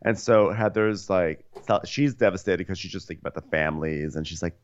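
A man's voice: low voice, fairly quick, few pauses, lo-fi sound. A man co-hosting a podcast, recapping a reality show with jokey, mock-dramatic impressions. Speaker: podcast co-host. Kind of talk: comedic recap chat.

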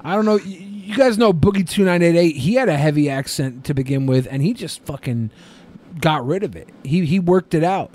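A man's voice: a little high, expressive, a little fast, a little mellow. A man co-hosting a podcast in casual banter, crude and jokey, often laughing. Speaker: podcast co-host.

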